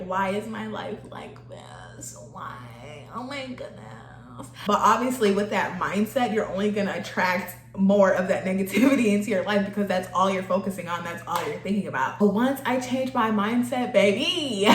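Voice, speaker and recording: A young woman chatting casually while getting ready, laughing often and getting emotional, close to tears. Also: medium pitch. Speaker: vlogger. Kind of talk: casual get-ready-with-me chat. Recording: echoey room.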